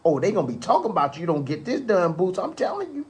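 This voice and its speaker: A man's voice: high voice, sing-song, fast talker. A man speaking as a boxing pundit in a played clip, giving a taunting pep talk to a fighter with an exaggerated, drawling delivery full of "ooh" and "oh".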